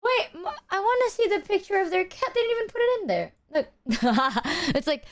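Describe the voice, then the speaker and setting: A woman's voice: extremely high pitch, sing-song, moderate pace, hardly any pauses. A woman streamer chatting casually to her audience, teary and rambling, with lots of "like" and laughter. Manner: emotional, laughing, rambling with filler "like". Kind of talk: casual live-stream chat.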